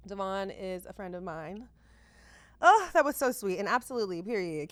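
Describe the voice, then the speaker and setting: A woman in her thirties hosts a podcast with lively, slang-filled, exclamatory chat. Her voice sits at an ordinary middle pitch. The sound is close and dry, with no room around it. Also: moderate pace, dry recording. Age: 30s. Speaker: podcast host.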